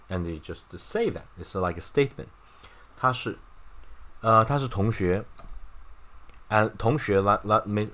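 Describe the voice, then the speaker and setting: A man's voice: deep voice, a bit bright. A man runs an informal Chinese lesson. He talks in a loose, chatty way, keeps checking with "right?" and "okay?", and drops wry, mocking remarks along the way. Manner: wry, mocking asides with laughs. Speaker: Chinese language teacher. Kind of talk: casual online lesson.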